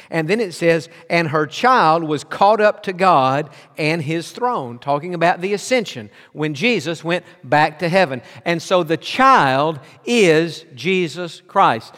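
A pastor delivers an emphatic sermon to his congregation in a voice pitched a little high. His words ring out with a long reverb, as in a big hall. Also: fairly bright tone. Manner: emphatic preaching, tells listeners to underline words.

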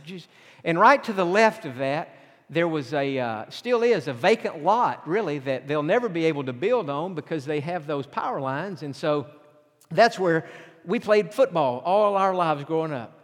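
A middle-aged pastor from Tennessee preaching a sermon, telling folksy stories with self-deprecating humor. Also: male voice, on the high side, animated, moderate pace. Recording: long hall reverb.

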